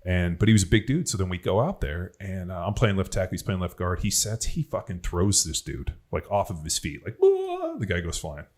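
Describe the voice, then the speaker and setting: A man's voice: low-pitched, fairly quick, few pauses, breathy edge. A man on a podcast telling rambling, profane stories about football and strength. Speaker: podcast host, former NFL player. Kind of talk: casual podcast chat.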